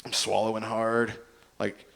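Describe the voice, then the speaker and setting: A man's voice: on the low side, completely flat delivery, unhurried, vocal fry, a bit bright. A man doing an open-mic stand-up set, telling rambling, self-deprecating stories with plenty of fillers. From Indiana. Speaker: stand-up comedian.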